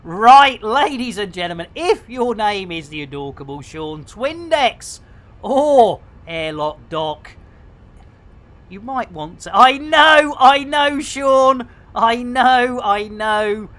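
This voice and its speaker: A man's voice: very high voice, animated, takes it slowly, a bit bright. A man giving playful, theatrical commentary on a live game stream. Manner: jokey, theatrical, lots of pet phrases.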